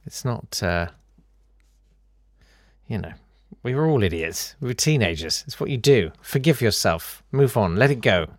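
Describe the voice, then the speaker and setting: A man's voice: lowish voice, lively intonation, measured pace, no echo, studio quality. A man hosting a solo podcast, telling stories in a rambling, wry way. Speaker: podcast host. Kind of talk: casual solo podcast monologue.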